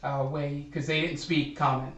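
A man's voice: a little high, flat delivery, fairly bright tone. Man running a tabletop game, from far off. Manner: halting, filler-heavy narration with playful NPC voices. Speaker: game master. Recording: echoey room, mic from far off.

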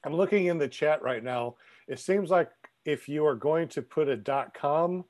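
A man in a casual podcast chat who moderates viewer comments, halting and repeating words. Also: on the high side, darkish tone, no echo, clean studio sound.

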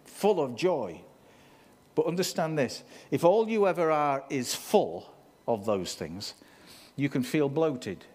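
A man preaching a sermon in a conversational, animated way, with asides to the congregation. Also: on the high side, takes it slowly, husky.

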